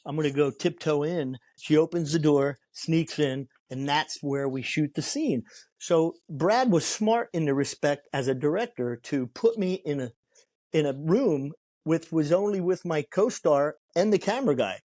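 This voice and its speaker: A man whose voice sits a little high talks at a moderate pace, with no room sound, as a guest on an interview show. In conversation he tells a lengthy story animatedly, acting out the quoted lines and repeatedly restarting sentences.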